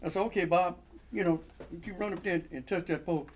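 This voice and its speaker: A man's voice: sits high, quick pace. A man telling a long funny story in casual chat, acting out the voices of the people in it and laughing often. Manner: animated, acts out quoted voices, laughs often. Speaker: guest storyteller.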